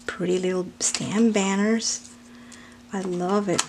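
Woman, unboxing vlogger, gushing and gasping, often slipping into a whisper, slow delivery, faint hiss behind. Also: mid-range voice, steady tone. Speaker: craft vlogger. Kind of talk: unboxing commentary.

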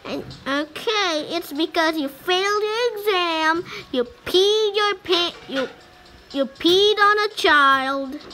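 A woman's voice: extremely high pitch, slow, pushed and bright, faint music behind, voice pushed up, full character voice. A woman voicing a menacing female school teacher who hunts down children and scolds them theatrically for game play.

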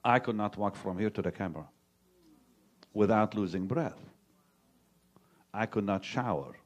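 A middle-aged male pastor telling his own story to a live congregation, halting and repeating words, dropping to a hushed tone when he retells what was said to him. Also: fairly low pitch. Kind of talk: testimony preached to a live audience.

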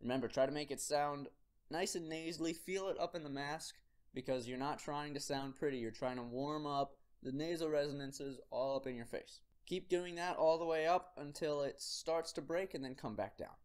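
A man teaching singers a quick vocal warm-up routine, giving upbeat, direct instructions to the viewer. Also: a little high, smooth. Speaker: singing teacher.

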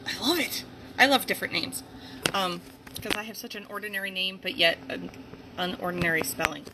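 A woman's voice: mid-range voice, fairly quick, background noise. A middle-aged woman from the Northeast US hosting a casual livestream, rambling and greeting viewers by name. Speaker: livestream host. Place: home, near a heater and dogs.

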